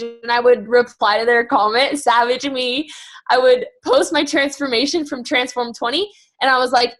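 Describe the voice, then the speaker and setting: A woman's voice: a little high, fairly even intonation, fairly bright tone. A young woman on a video call giving a chatty, casual training talk full of fillers, a bit out of breath. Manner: chatty, fast, lots of fillers. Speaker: guest speaker on a team call.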